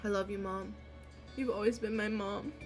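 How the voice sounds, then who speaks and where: A woman's voice: medium pitch, steady tone, moderate pace, faint music behind, close to an everyday voice. A woman voicing an emotional young man speaking to his parents, read in a choked-up, tearful way.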